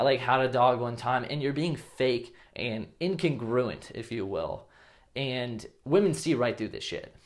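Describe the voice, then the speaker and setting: A man talks straight to the camera in a casual advice video. He is blunt and coarse at times, and slips into acted example lines as he explains. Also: medium pitch. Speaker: dating coach.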